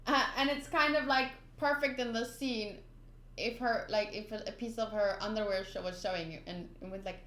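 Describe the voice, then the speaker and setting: A woman's voice: mid-range voice, moderate pace, long pauses, a bit bright. A woman reading a manga aloud in a casual, chatty way, thinking aloud and giggling at the panels. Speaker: manga reader. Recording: echoey room.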